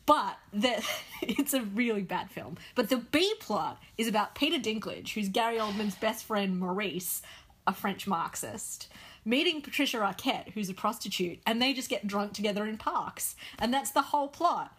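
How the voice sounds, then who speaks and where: A woman co-hosting a casual podcast chat, chatty and quick to laugh, with dry sarcastic asides. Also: medium pitch, lively intonation, a bit bright, breathy edge. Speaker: podcast co-host.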